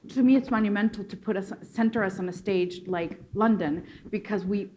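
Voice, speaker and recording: A woman from Mexico chats on a panel in an animated, laughing way. She restarts her sentences often and fills the gaps with ums and likes. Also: medium pitch, normal speed, slight background noise. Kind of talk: casual panel discussion.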